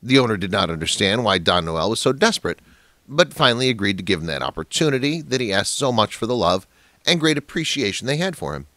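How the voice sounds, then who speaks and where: A man's voice: on the low side, sing-song, fast, sharp tone, dry recording. A man narrating a dramatic family story in a scripted, emphatic way.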